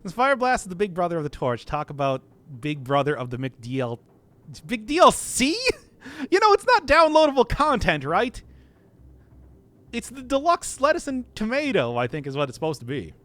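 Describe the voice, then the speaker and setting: A man's voice: high-pitched, wildly swooping pitch, normal speed, fairly bright tone. A male streamer chatting casually and playfully with his audience, laughing often. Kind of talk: casual live-stream chat.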